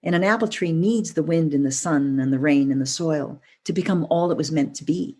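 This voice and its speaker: A gentle, loving apple tree speaks in a low, husky, earnest tone, as a woman puts her on while retelling a parable. She sounds soft and apologetic. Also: a little fast. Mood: tender.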